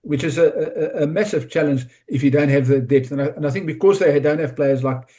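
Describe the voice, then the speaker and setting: A man's voice: fairly high pitch, brisk, mellow. A man talking rugby analysis in a casual podcast chat, often restarting and repeating words. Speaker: rugby pundit.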